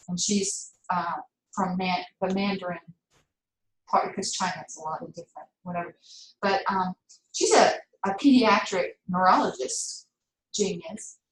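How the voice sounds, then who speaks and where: A woman's voice: lowish voice, a bit bright, slight background noise. An older woman with a Southern US accent lecturing a class in a chatty, digressive way, laughing often. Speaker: teacher. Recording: roomy, distant classroom mic.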